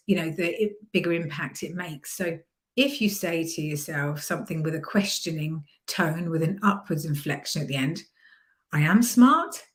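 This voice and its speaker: Woman, lowish voice, podcast mindset coach; calm, encouraging, can drop into a soft hypnotherapy tone. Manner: calm, encouraging, sometimes softens into a gentle hypnotherapy voice. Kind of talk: coaching podcast with guided visualization.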